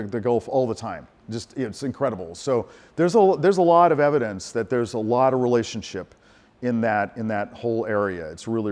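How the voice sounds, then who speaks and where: A middle-aged man, a composer giving a lecture, telling stories in a lively, animated way, acting out quotes and restarting his sentences. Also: medium pitch. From United States. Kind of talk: lecture with audience Q&A.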